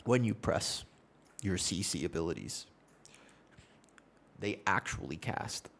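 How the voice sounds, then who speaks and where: A man's voice: low voice, lively intonation, takes it slowly, vocal fry, a bit bright, slight background noise, pitched below the performer's own voice, heavily acted. A man doing a solemn, earnest father. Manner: solemn, earnest, mock-sentimental.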